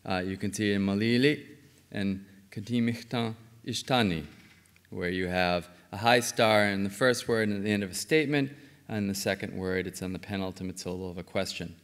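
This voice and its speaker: A man giving an academic conference talk, measured, with frequent fillers. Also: on the low side, a bit bright, big-room sound. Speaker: linguistics lecturer. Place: lecture hall.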